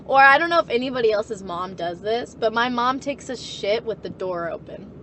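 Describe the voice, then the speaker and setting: A woman's voice: fairly high pitch, lively intonation, normal speed, sharp tone, a little hiss or hum. A woman in her twenties chatting casually and bluntly, swearing freely and laughing often. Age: 20s. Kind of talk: casual chat.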